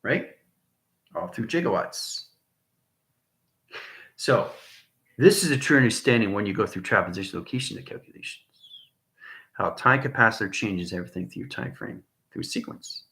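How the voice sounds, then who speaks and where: Man, low voice, bright and forceful, rambling livestream talk, echoey room. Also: expressive, normal speed, pauses often. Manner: repeats jargon, asks "right?" often. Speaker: livestream host.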